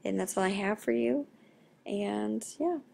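A young woman, a math teacher, explaining a recorded lesson in a quiet, half-whispered voice. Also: mid-range voice, unhurried, gravelly, a little hiss or hum.

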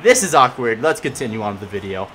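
A young man giving casual gameplay commentary as he plays, excitable and swinging between loud yelling and mumbled asides. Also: mid-range voice, fast talker, a little hiss or hum. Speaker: gaming commentator.

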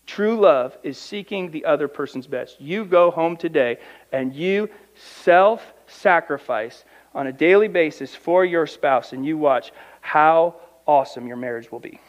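A man's voice: fairly high pitch, a little slow, highs cut off. A man, a pastor, preaching a conversational sermon in church, asking the congregation rhetorical questions and acting out quoted voices. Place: church sanctuary.

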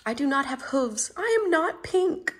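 Woman doing a worried elephant guy, storybook voice, earnest and fretful, slow, lively pitch. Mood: sad. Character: gentle, worried grown male elephant.

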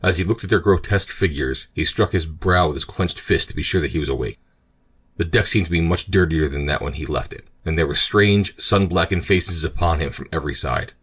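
A man narrating an audiobook in a steady, measured way. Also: low voice, slightly rough.

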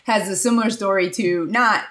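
A woman hosting a podcast, asking questions in a relaxed, chatty way. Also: medium pitch, moderate pace. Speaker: podcast host. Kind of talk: conversational interview.

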